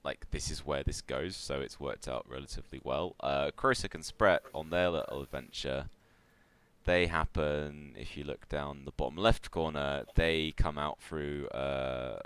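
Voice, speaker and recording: A man narrating a tabletop game as game master, talking in a relaxed, loose way with many fillers. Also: a bass voice, measured pace, clear, resonant tone.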